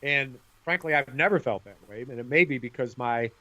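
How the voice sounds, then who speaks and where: A middle-aged man co-hosting a podcast in casual chat, an animated storyteller who acts out voices. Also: mid-range voice, brisk. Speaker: podcast co-host. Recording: dull lo-fi sound.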